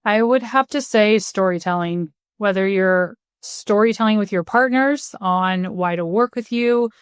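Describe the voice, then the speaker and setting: A woman's voice: lowish voice, smooth, no room sound, studio quality. A woman in her thirties, a podcast guest, speaking upbeat and laughing easily. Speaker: guest, partnerships leader. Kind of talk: conversational interview.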